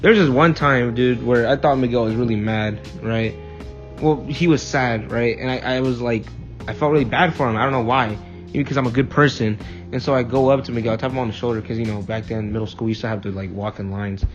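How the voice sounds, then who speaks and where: A man's voice: mid-range voice, steady tone, a little fast. A young man telling profane, rambling anecdotes in a casual chat with a friend. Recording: dull lo-fi mic, faint music.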